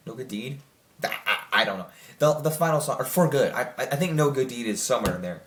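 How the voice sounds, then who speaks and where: A man's voice: mid-range voice, expressive, fast talker, fairly bright tone. A young man giving a casual spoken movie review, rambling with many fillers and restarts. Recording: echoey room.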